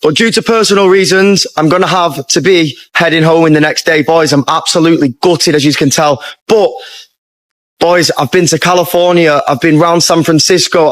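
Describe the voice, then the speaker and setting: A man's voice: fairly high pitch, dry recording. A man recording a farewell message to his followers in a matey way, keeps calling them boys.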